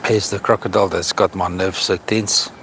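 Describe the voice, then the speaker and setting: A South African man vlogging outdoors at an estuary, speaking earnestly and with feeling, slowing down to stress his points. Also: deep voice, fairly even intonation, background noise. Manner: earnest, impassioned, slow when stressing points. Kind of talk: outdoor vlog commentary.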